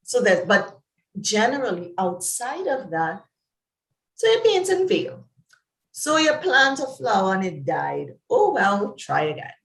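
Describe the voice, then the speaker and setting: A Trinidadian woman, a psychologist, talks in an interview as an animated storyteller, laughing and jumping up and down in pitch. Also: unhurried, vocal fry, roomy sound, low-quality recording. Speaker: psychologist guest. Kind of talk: conversational interview.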